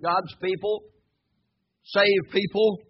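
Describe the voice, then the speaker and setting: A man preaching to his congregation, folksy and joking, often swelling into shouted hallelujahs. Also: sits high, flat delivery, takes it slowly, breathy edge, dull audio. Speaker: pastor. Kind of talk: sermon. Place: church sanctuary before a congregation.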